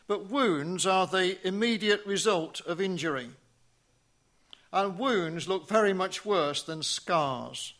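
A man with a creaky voice on the high side preaches at a measured pace, posing rhetorical questions. On key phrases, his voice falls to a hush.

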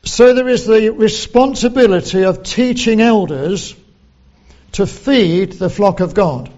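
A man preaching a sermon, slow and deliberate, quoting scripture in old English. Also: sits high, darkish tone, muffled recording.

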